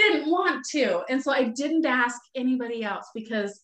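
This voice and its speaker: With a high, fairly bright and animated voice at a moderate pace, an author and mother in her forties shares a personal story as a guest. She speaks with earnest energy in a conversational way, and the room echoes noticeably.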